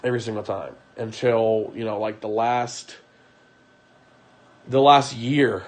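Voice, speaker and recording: A young man live-streaming from home, talking in a weary, aggrieved way, halting and repeating his words. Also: lowish voice, steady tone. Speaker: livestreamer. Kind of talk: emotional live-stream monologue.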